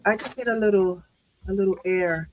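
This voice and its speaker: A woman's voice: mid-range voice, moderate pace, darkish tone, a little hiss or hum, low-quality recording. A woman hosting an online poetry show, talking casually and holding back tears. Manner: tearful, laughing through emotion. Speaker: host. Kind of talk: emotional casual chat.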